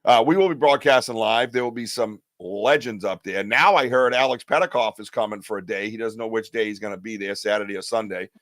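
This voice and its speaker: A man's voice: on the low side, a little fast, few pauses, fairly bright tone, no room sound. A man hosting a live podcast, chatting loosely, joking and rambling in slang. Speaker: podcast host. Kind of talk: casual live-stream chat.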